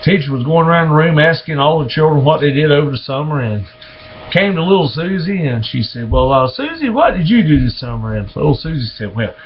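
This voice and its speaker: A man telling dirty jokes in a slow, drawling way, slipping into voices for the characters. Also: a little high, expressive, dull audio. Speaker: joke teller.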